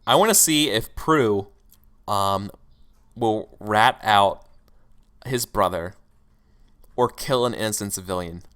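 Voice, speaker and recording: A man's voice: fairly low pitch, takes it slowly, long pauses, fairly bright tone, clear, resonant tone. A man narrating a scene as game master in a tabletop role-playing game, rambling with many fillers.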